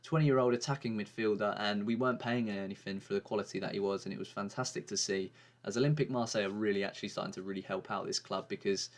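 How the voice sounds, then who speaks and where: A man talks through his game season in a loose, chatty way, full of ums and restarts. His voice sits on the low side. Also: fast talker. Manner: chatty, rambling, with frequent fillers and restarts. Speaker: gaming YouTuber. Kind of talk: casual game commentary.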